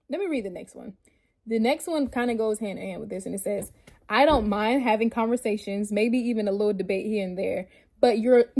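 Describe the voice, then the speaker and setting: Woman vlogger with a bright, high-ish voice. Blunt, profane, animated rant with frequent laughs. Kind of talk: casual rant reading her notes.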